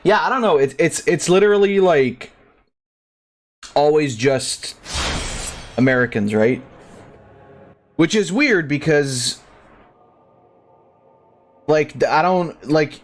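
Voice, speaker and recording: A man's voice: a little high, expressive, slow pace, long pauses, a little hiss or hum. A young man streaming a game, chatting casually in a rambling, profane, ranting way. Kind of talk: casual live-stream commentary.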